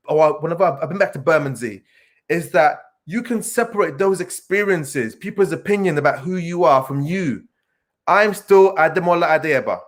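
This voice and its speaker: A man from England giving an earnest motivational talk, stressing points through repetition, with pauses and filler sounds. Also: on the high side. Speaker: speaker addressing young people.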